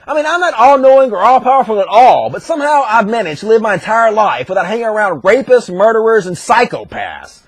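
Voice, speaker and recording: A man's voice: high-pitched, very animated, a little fast, few pauses, husky, dry recording. A man giving a profane, sarcastic comedic recap as an online commentator.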